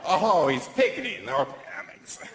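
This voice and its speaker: A man doing stand-up, his pitch swinging up and down in a lively, animated delivery. His voice is slightly high for a man. The sound is roomy and live, with an audience laughing and murmuring throughout. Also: normal speed. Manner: animated, jumps into shrill high put-on voices for bits. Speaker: stand-up comedian. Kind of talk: stand-up comedy set. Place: comedy club stage with a laughing audience. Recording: roomy live club sound with crowd noise.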